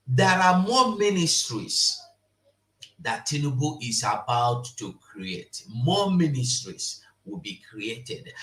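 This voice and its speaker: A man's voice: medium pitch, pushed and bright. A man with a Nigerian accent giving impassioned political commentary, switching into Pidgin and laughing as he talks. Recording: roomy echo.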